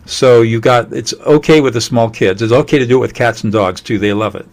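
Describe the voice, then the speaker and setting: A man presents a leadership webinar in a mid-pitched voice, speaking in an earnest, measured way. When he runs through lists of feelings, his voice goes quiet and slow. It sounds like he is talking into a webinar microphone. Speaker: emotional intelligence trainer.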